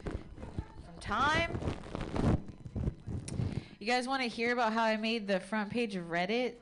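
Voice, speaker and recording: A woman doing a stand-up comedy set, chatty and self-mocking, with mock-loud announcements. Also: on the high side, slow, very noisy.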